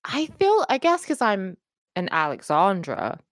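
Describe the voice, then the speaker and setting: A woman co-hosting a casual podcast, her pitch leaping up and down as she acts out what people said. She swears freely and keeps it animated. The recording is dry and close. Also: unhurried, dry recording. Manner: swearing, animated, acts out quotes with shifting voices. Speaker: podcast co-host. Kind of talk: casual chat.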